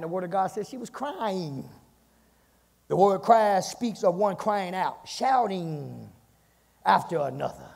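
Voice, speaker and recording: A male pastor preaching a fiery sermon, punctuating lines with "my God" and swinging between shouts and hushed passages. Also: high-pitched, creaky, in a large hall. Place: church sanctuary.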